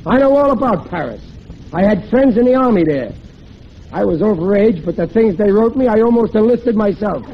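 A man's voice: sits high, lively intonation, fairly quick. An actor playing a blustering husband and father who talks tough and ungrammatical, in 1940s radio comedy style. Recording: muffled old radio broadcast with faint hiss.

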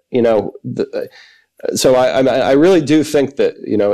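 A man arguing in a formal debate, halting with frequent restarts. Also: on the low side, mellow, poor audio. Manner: halting, many fillers and restarts.

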